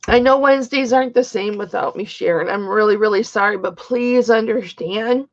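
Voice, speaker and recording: Here the same fifties-aged woman speaks at a normal pace with a medium-pitched voice, chatting with viewers by name while presenting each item in her live-stream jewelry sale. Sound quality is dull, lo-fi stream audio.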